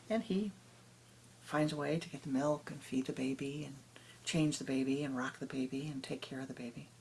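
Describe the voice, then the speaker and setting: A woman spiritual teacher telling a parable in a meditation talk, dramatic and rhythmic, often dropping to a hush. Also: low voice, moderate pace, a little hiss or hum.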